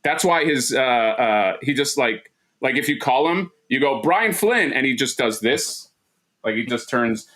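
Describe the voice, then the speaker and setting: A man's voice: mid-range voice, measured pace, fairly bright tone. A man co-hosting a casual livestream chat, rambling and joking with lots of restarts and fillers. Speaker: co-host.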